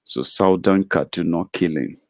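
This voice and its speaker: A man hosting a live political web broadcast, talking in a halting way with many fillers and restarts. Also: low-pitched, a bit bright, dry recording. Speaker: host of a political web show.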